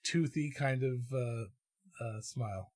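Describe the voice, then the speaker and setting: A man narrating as game master and host of a tabletop game podcast, relaxed and full of fillers. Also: mid-range voice, slow pace, no room sound.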